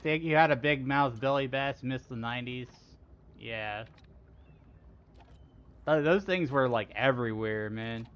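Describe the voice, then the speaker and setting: Man, game streamer, slow unhurried talk, playful and giggly, dull lo-fi sound. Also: medium pitch, fairly bright tone, smooth. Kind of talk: casual gameplay commentary.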